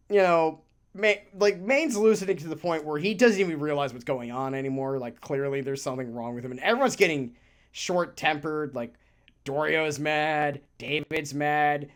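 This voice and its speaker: The speaker is a podcast co-host in easygoing conversation, animated and rambling, with regular laughter and casual profanity. Normal speed, medium pitch.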